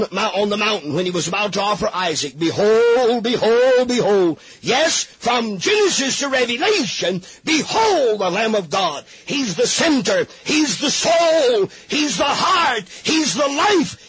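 A man preaching a fiery radio sermon, pleading and rising to shouts. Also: high voice, husky, no echo.

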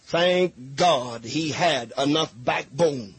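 A man's voice: medium pitch, slow, few pauses, slightly rough, no echo. A man preaching a fervent sermon, reading scripture aloud and pleading with his listeners.

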